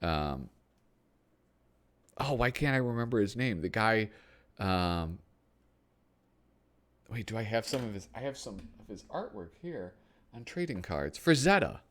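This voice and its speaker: Brief: a rambling casual male host, low voice, animated intonation. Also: a little slow, long pauses. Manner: rambling, frequent ums, thinking aloud. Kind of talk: casual chat while flipping through a magazine.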